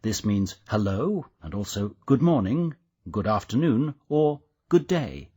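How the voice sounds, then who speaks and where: Man guiding a language lesson, husky voice, lively up and down delivery. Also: on the low side, unhurried. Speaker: language course narrator. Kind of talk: scripted instructional narration.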